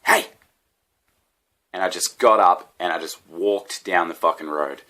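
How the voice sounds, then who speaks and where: A man's voice: low-pitched, steady tone, normal speed, bright, forceful tone. An Australian man, a comedian, telling a rambling, profane story with laughs at his own tangents. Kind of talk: casual comedic rant.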